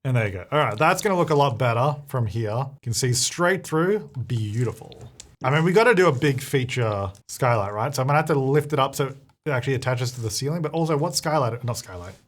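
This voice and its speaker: A young man chats through his game build in a loose, thinking-aloud way. He catches and corrects his own words as he goes. His voice sits at an ordinary middle pitch. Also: expressive, brisk. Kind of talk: casual play-along commentary.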